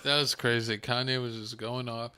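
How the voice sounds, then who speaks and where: A man hosting a podcast in casual chat, retelling events in an animated, joking way. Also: mid-range voice, normal speed, a loud crowd. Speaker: podcast host.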